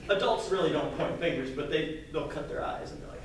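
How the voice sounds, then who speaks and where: High-voiced man telling a story in an echoey room. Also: fast talker, creaky, hardly any pauses, noisy background. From Kentucky, US. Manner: lively, plays out dialogue. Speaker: entrepreneur presenter. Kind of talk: storytelling pitch talk. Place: live event room, indoors. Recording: echoey room, mic far off.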